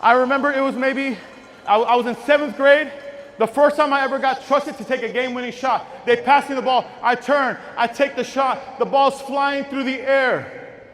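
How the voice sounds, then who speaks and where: A man from giving a keynote speech to educators, leading the crowd in call-and-response chants and telling stories in a hushed voice. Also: very high voice, fairly even intonation, normal speed. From Texas. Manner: storytelling, dropping to a hushed voice. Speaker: motivational speaker. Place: large auditorium. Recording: reverberant hall with audience.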